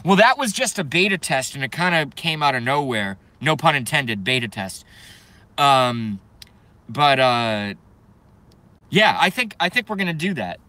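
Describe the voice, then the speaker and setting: Man, young adult, stream host, casual rant, profane, rambling, bright tone. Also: medium pitch, expressive, measured pace. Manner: profane, rambling, joking, reads chat aloud. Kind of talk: casual ranting live stream.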